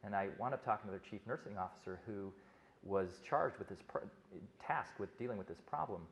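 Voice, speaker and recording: A man's voice: lowish voice, lively intonation, fairly quick, gravelly. A middle-aged male physician giving a conference talk, telling stories conversationally with frequent restarts.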